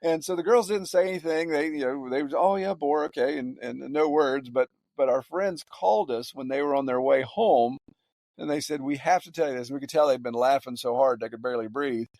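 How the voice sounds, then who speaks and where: A man, a farmer guest on a podcast, telling stories in a halting way with many repeated words. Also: mid-range voice, darkish tone, no room sound, clean studio sound. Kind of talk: casual podcast interview.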